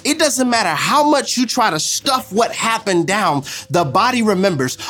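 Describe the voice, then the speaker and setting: A man preaching a sermon as pastor, repeating lines and swinging from loud declarations to hushed asides. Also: high voice, breathy edge.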